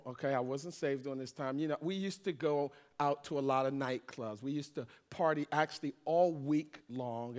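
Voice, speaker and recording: A middle-aged man, a pastor, telling a humorous personal testimony in a sermon, joking with the congregation as he goes. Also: medium pitch. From Washington, D.C. area. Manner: animated storytelling, jokes with congregation.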